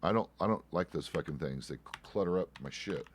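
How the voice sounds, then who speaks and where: A man's voice: low voice, fairly quick, a little hiss or hum. A man streaming a western roleplay game, chatting casually in character as a deputy with loose, profane, rambling asides.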